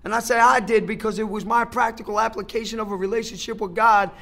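A man's voice: high-pitched, fairly even intonation, quick pace, gravelly, fairly bright tone, soft background music. A middle-aged man speaking at a recovery meeting, giving a personal testimony in an emphatic, conversational way, repeating phrases for effect and talking straight to the crowd.

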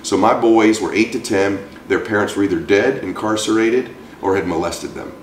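A man's voice: lowish voice, normal speed, slight background noise. Guy in his 40s telling a story, does all the voices, roomy sound, kinda far from the mic. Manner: animated storyteller acting out quoted voices. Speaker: guest. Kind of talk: storytelling interview.

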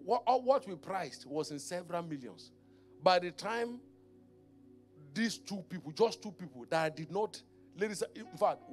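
A man preaching a sermon as pastor, telling a personal story in a lively storytelling manner. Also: high voice. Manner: storytelling preacher, rising to shouted prayer in tongues.

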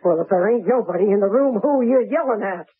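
A woman's voice: mid-range voice, expressive, brisk, slightly rough. An actress playing a blunt, suspicious middle-aged landlady in a 1970s radio drama, scolding in a working-class way. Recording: tinny old radio broadcast.

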